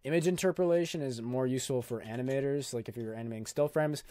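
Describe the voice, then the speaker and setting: A man's voice: medium pitch, fast, warm tone, smooth, no echo, studio quality. A young man hosting a casual screen-recorded video editing tutorial, talking in a loose, jokey, filler-heavy way. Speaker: YouTube tutorial host.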